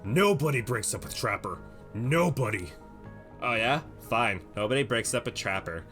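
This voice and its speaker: A man voicing a proud, stubborn male killer who blusters loudly in a dating-sim game. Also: mid-range voice, expressive, moderate pace, faint music behind, close to an everyday voice. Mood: defiant.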